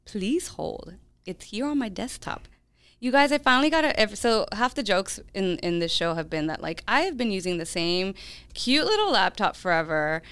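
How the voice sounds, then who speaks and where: A woman hosting a comedy podcast, chatting excitably with quick, sweary asides. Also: medium pitch, clean tone. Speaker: podcast host. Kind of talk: casual podcast chat.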